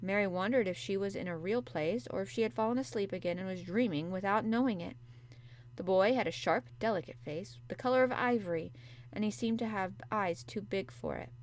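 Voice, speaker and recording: Woman, storybook narration, measured, gentle, mid pitch. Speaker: audiobook narrator. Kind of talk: storybook reading.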